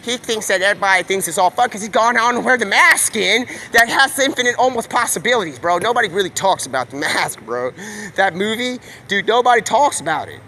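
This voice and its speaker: A man livestreaming, talking in a rambling, slangy, excitable stream of thought. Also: high voice, fairly quick, a little hiss or hum. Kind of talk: rambling live-stream monologue.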